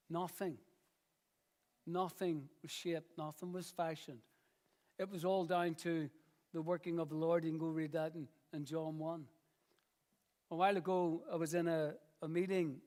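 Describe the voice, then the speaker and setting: A man with a high, slightly mellow voice preaches a sermon in church. He speaks earnestly, drawing out key phrases with slow pauses and repeating them for emphasis.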